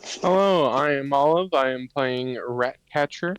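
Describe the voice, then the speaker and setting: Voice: mid-range voice, a little slow, smooth, poor audio. A tabletop player introducing themselves plainly and matter-of-factly. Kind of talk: casual chat.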